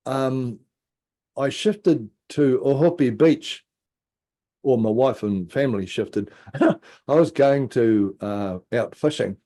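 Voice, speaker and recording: A middle-aged man, a podcast guest telling a personal story in a casual, animated way, acting out quotes and dropping into low asides.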